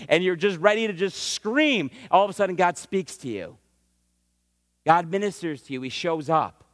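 A man's voice: a little high, no room sound, clean studio sound, big-room sound. A man preaching a sermon in a conversational way, sometimes acting out prayers and what God says. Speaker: pastor.

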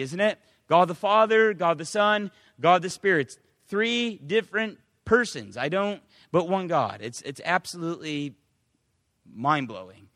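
A man preaching to his congregation, emphatic, rising to loud declarations and dropping to quiet asides. His voice sits high for a man. The sound is dry up close, with a long reverb tail from a church hall. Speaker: pastor. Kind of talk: sermon.

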